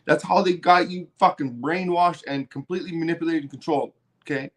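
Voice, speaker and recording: A man's voice: high voice, a little fast. Swearing man on a rant. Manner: heated, swearing, repeats words when worked up. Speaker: podcast host. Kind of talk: profane political rant.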